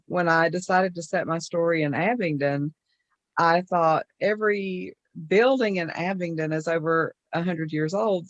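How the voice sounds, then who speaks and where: A woman mystery author speaks on an online panel, unhurried and thoughtful, leaning on fillers as she gathers her thoughts. Her pace is very slow and her voice sits somewhat low, recorded dry and close. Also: dry recording. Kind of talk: casual panel discussion.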